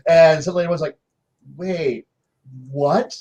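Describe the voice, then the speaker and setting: A man with a high voice sits on a panel swapping tabletop game anecdotes. He talks in loose casual chat, full of restarts and little acted-out quotes from his players. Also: fairly even intonation, unhurried, darkish tone, dull audio.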